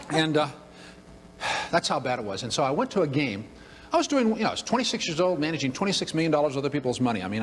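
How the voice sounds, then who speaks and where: An older man giving a motivational talk, telling a humorous story in an animated way to a room of listeners. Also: medium pitch, slight background noise. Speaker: motivational speaker. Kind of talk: storytelling keynote speech. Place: event room with audience. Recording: long hall reverb.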